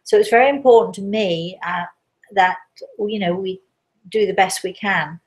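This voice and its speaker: A woman's voice: medium pitch, normal speed. Woman host, live stream, chatty and rambling, slightly out of breath. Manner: chatty, rambling, warm storytelling asides. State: a little out of breath. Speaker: host, medium. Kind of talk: casual live-stream chat.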